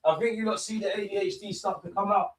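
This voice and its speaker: He's a young man streaming a football watchalong, his high-pitched voice steady and quick as he tosses out slangy commentary in a bored tone. The audio has no echo.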